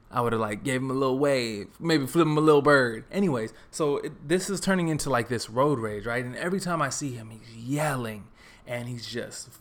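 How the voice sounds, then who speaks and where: Young guy from texas rambling thru a story on his podcast, chill and jokey, mid-pitch voice. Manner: relaxed, joking, rambling with fillers. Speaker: podcast host. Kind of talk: casual solo podcast storytelling. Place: his apartment.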